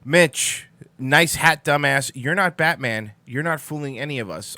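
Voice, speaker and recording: Measured in pace, a little high, and sharp-toned, the young man hosting this casual morning live stream sounds dry, with no echo. He's drowsy and yawning, wandering through sarcastic remarks and swearing as he responds to chat.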